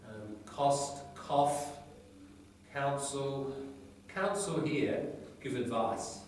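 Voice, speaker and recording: A man's voice: medium pitch, very slow, darkish tone. A man teaches English vocabulary to a class, explaining one word after another and checking in with tag questions. He is heard from across a very reverberant classroom, with faint room noise underneath. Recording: very echoey classroom from far off.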